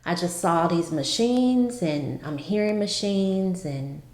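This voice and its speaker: A woman vlogger telling a personal story in a halting way, with many restarts. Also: on the low side, expressive, darkish tone. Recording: roomy echo.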